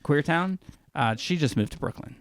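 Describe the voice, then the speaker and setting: A man's voice: a little high, lively intonation, normal speed. A man co-hosting a podcast in casual chat, rambling through long asides. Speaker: podcast co-host.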